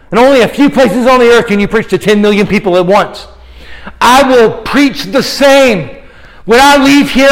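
A man preaching a fervent sermon in a church, slowing down dramatically on key lines and working up a sweat. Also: very high-pitched, low-quality recording. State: sweating, exerting himself. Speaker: guest preacher. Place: church sanctuary.

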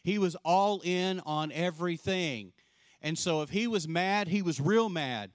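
Animated preaching pastor, dry close sound. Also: male voice, sits high, no room sound. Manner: animated storyteller, acts out quoted voices; drops soft and slow for emphasis. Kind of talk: sermon.

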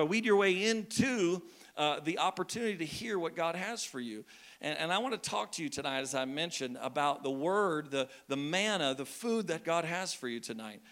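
Young-ish pastor guy, high bright voice, chatty jokey sermon to the church. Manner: conversational, joking with the congregation. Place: church hall.

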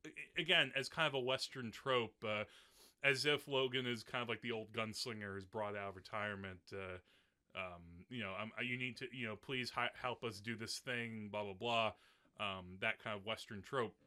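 A man's voice: fairly low pitch, fairly even intonation, normal speed, bright, forceful tone. A male podcast host in a casual film discussion, talking in a chatty way with many fillers and frequent laughs.

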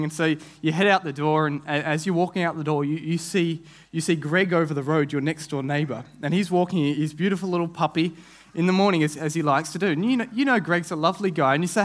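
A man's voice: fairly high pitch, fairly even intonation, brisk. A young man preaching a sermon, telling a vivid story with frequent restarts and repeated words. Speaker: guest preacher.

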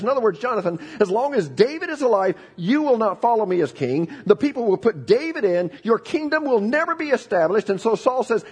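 A middle-aged man preaching a sermon, telling the story in an animated way with frequent restarts. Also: sits high, a little fast, few pauses, slightly rough. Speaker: pastor.

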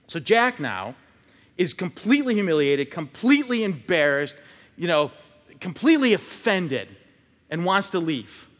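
A man's voice: high voice, big pitch swings, unhurried, fairly bright tone. A male pastor preaching a conversational sermon, telling stories and acting out short quotes. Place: church sanctuary. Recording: long church reverb.

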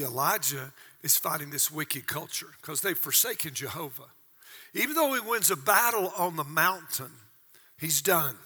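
Older male pastor, 60s, high bright husky voice, dramatic sermon delivery, long church-hall reverb. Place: church auditorium.

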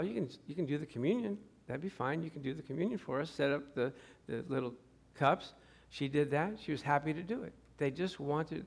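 Delivering a sermon, this middle-aged pastor spins stories, voices the characters he quotes and laughs frequently. He has a slightly high, creaky voice.

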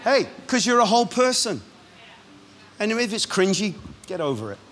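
A man, a pastor, preaching a sermon in a lively, punchy way with quick asides. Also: high-pitched, a little hiss or hum.

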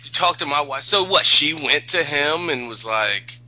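A man in casual chat who reacts excitably and cuts in to add details. His voice is very bright and sharp and swings widely in pitch, on a slightly dull lo-fi recording. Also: normal speed, dry recording. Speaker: podcast co-host.

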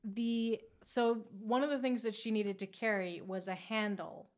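A woman's voice: mid-range voice, measured pace. A woman co-hosting a casual chat about video games, telling stories with lots of giggles. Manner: giggly, animated storytelling. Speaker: podcast co-host.

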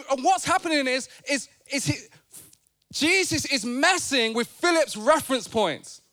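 Lively high-voiced preacher. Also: male voice, a little slow. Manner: animated, playful, conversational preaching. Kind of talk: sermon. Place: church sanctuary.

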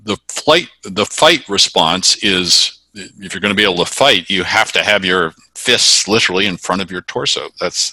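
A man with a very low voice and a sharp, forceful tone explains body-language tips. He talks in a measured way, with many fillers and restarts. The sound is dry and close. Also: dry recording. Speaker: communication expert guest.

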